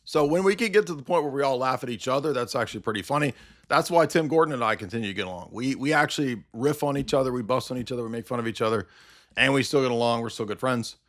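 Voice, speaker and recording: A man's voice: mid-range voice, fairly bright tone. A man hosting a livestream, ranting in a combative, sarcastic commentary style. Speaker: livestream host.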